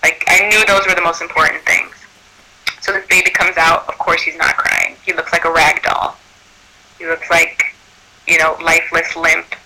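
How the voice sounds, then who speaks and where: A man working as a birth doula tells a true story in a lively, animated way. His voice sits high and sounds sharp and tense. A gravelly rasp runs under his words. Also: normal speed, low-quality recording. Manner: animated, acts out quoted speech. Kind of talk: personal storytelling.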